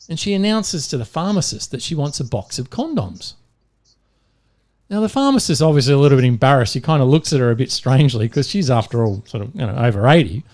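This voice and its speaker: An Australian man co-hosting a podcast, telling jokes in a relaxed chatty way and breaking into laughter as he goes. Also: on the high side. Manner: animated storyteller who laughs mid-joke. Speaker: podcast co-host. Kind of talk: casual joke-telling chat.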